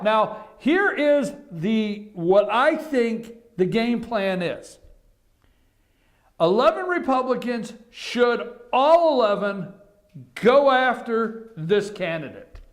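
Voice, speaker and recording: A man hosting a morning show from an office, giving impassioned political commentary that swings from calm talk to shouting. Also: very high-pitched. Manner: impassioned, gets worked up and shouts, then calms down.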